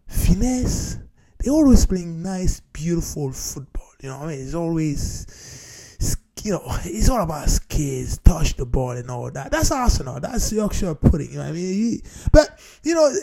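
A man talking casually to his viewers in a playful, animated way, often repeating phrases for emphasis and calling his audience "people". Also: high-pitched, vocal fry. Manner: non-standard grammar, repeats phrases for emphasis. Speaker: vlogger. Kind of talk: casual talk to camera.

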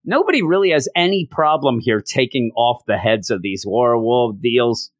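Animated sarcastic man reviewing comics. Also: medium pitch, normal speed, no echo, clean studio sound. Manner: animated, acts out scenes in mock voices; sarcastic and exasperated. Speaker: podcast host. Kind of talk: casual comic book review.

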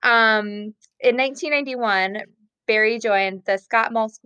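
A woman's voice: a little high, measured pace, pushed and bright, clean tone, no echo. A woman co-hosting a casual podcast chat from home, presenting her research with many hesitations. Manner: chatty, hesitant with many ums. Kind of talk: casual chat on a video call.

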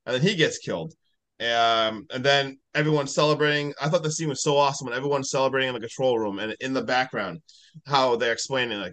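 A man's voice: mid-range voice, a little fast, a bit bright. A man co-hosting a podcast, chatting about a film's scenes, enthusiastic and full of "like" and "literally". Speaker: podcast co-host, leads discussion. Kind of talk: casual chat, film discussion.

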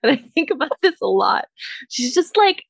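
A woman's voice: high-pitched, big pitch swings, normal speed, gravelly, no echo. A woman co-hosting a casual podcast, rambling, swearing freely and laughing often. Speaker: podcast co-host. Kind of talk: casual chat.

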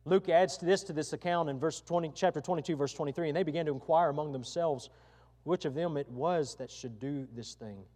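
A man's voice: fairly high pitch, fairly quick, darkish tone, in a large hall. A male pastor delivering a sermon, emphatic and given to repeating his phrases.

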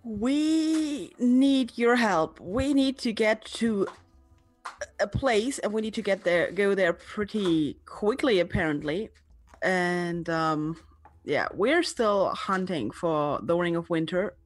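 A woman's voice: mid-range voice, animated, takes it slowly, no room sound, faint music behind. Woman, tabletop player, hesitant, casual, dry recording. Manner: hesitant, searching for words. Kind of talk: casual chat at a tabletop game.

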